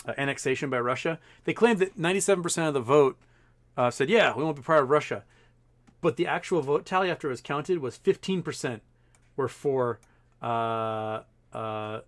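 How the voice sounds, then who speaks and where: Rambling man hosting a livestream. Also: mid-range voice. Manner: rambling, filler-heavy, profane asides. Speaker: livestream host. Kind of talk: casual livestream commentary.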